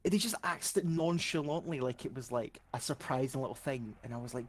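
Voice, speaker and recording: A man's voice: medium pitch, brisk. Scottish man telling casual stories. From Scotland. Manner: swearing, animated anecdotes. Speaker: streamer. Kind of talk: casual storytelling chat.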